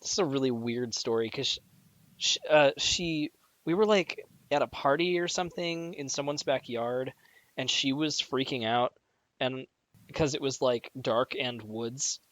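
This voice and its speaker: A young man co-hosting a podcast, telling a story in a deadpan, sarcastic way. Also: medium pitch, measured pace, dry recording. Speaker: podcast co-host. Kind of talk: casual chat.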